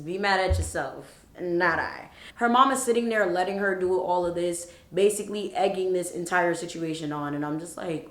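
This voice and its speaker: A woman in her twenties telling a story on a vlog in an animated, profane, expressive way. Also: on the low side. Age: 20s. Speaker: vlogger. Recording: roomy echo.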